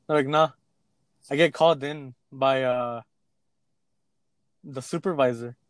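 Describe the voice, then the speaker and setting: A man's voice: mid-range voice, a little slow, no echo. A young man in casual chat, telling a work story with acted-out quotes and plenty of swearing. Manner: animated storytelling, acts out quotes, swears freely.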